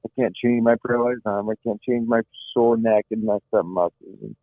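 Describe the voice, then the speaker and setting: Middle-aged man, earnest storytelling, fairly low voice, tinny phone-line sound. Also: fairly even intonation, a little fast, no echo. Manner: earnest, repeats words as he searches for them. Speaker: guest. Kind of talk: emotional personal storytelling.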